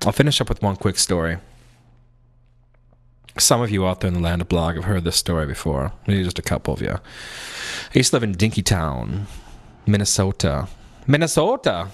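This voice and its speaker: A man's voice: low voice, lively intonation, a little fast. A young man hosting a broadcast, telling a rambling comic story full of self-mocking asides. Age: young adult. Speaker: podcast host.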